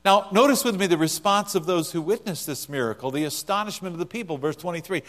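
A man preaching a sermon, moving between loud emphatic passages and quiet, hushed lines. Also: sits high, fast. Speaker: pastor.

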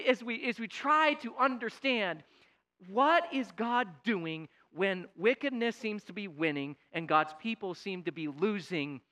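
A man preaching a sermon, swinging between loud, pleading outbursts and quiet, weighty emphasis. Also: high voice. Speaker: pastor.

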